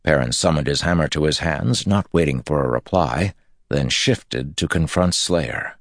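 A man with an extremely deep voice reads an epic fantasy audiobook in steady, measured phrasing. The recording is close and dry, with no room sound at all. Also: dry recording. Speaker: audiobook narrator. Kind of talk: scripted fantasy narration.

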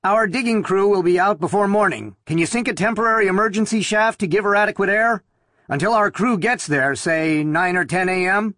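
A man voicing a brisk, curt male dispatcher answering over a police radio in an audiobook. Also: high voice, fairly bright tone, no room sound, studio quality, pitched above the performer's own voice.

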